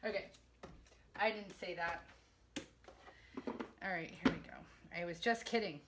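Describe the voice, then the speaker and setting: A woman's voice: fairly low pitch, a little slow, heavy background noise. Chatty woman cooking in her kitchen. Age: 40s. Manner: chatty, self-mocking, talks to viewers while working. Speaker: home cooking vlogger. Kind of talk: casual kitchen vlog. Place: home kitchen.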